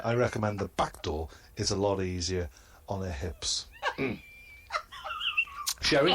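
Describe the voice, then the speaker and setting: A man doing a comedy roast in a halting, hesitant delivery and chuckling at his own crude jokes. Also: on the low side. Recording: noisy line.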